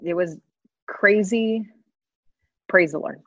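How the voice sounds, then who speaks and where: Laughing frequently, a thirties-aged female guest gives a heartfelt account of her own experience. She speaks slowly in a fairly low voice, and the dry recording has a slightly dull, lo-fi quality.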